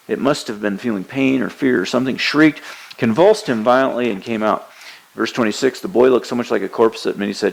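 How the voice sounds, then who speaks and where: A man's voice: mid-range voice, a little fast, gravelly, poor audio. A man preaching a sermon, teaching earnestly and quoting scripture with emphasis. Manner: frequent hesitations and restarts.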